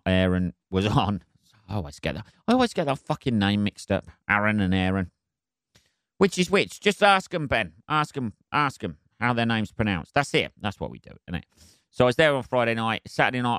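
Sweary comic, low smooth voice. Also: male voice, no room sound, clean studio sound. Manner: sweary, self-deprecating, apologetic; rambling with many fillers and jumpy emphasis. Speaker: stand-up comedian and podcast host. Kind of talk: casual solo podcast chat.

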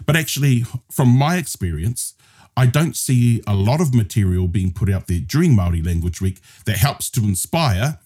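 This New Zealand-accented man sounds lowish, husky and somewhat dark, speaking expressively at a moderate pace. As a podcast guest, he gives a relaxed Māori grammar lesson, explaining patiently while switching between Māori and English.

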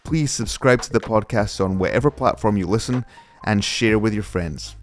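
A man with a Scottish accent, hosting a podcast and interviewing a guest in a measured, earnest way. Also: fairly low pitch, faint music behind. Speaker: podcast host. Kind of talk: scripted intro then casual interview.

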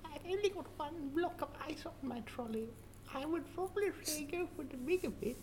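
A woman's voice: high-pitched, brisk, darkish tone, slight background noise, close to an everyday voice. A woman voicing a tiny, timid man who carries ice on a trolley and speaks in a meek whisper.

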